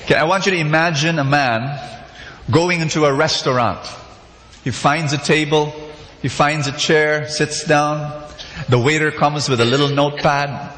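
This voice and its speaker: A man's voice: on the high side, normal speed, slight background noise. A man preaching a sermon, leading call-and-response and acting out the characters in a story. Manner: animated storytelling, acts out characters. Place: large church hall. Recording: echoey hall, faint ambience.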